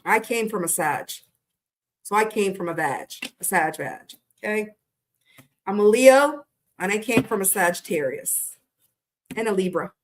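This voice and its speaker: A middle-aged woman doing a casual live-stream tarot reading, talking in a chatty, blunt and animated way. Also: mid-range voice, measured pace, long pauses, a little hiss or hum. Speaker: tarot reader.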